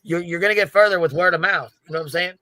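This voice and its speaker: A man's voice: sits high, very fast, pushed and bright, no room sound. Emphatic, profane man hosting a live chat. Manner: profane, emphatic, says "listen" and "you know what I'm saying". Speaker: host of an open panel livestream. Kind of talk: casual livestream chat.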